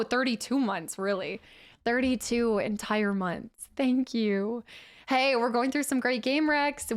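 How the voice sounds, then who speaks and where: Chatty woman streaming with her chat. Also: on the high side. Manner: chatty, rambling, easily amused. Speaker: game streamer.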